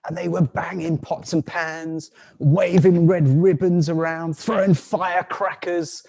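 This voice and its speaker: A man telling a folk tale on a video call in an unhurried way, with frequent restarts and soft laughs. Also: on the high side, steady tone, gravelly. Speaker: storyteller.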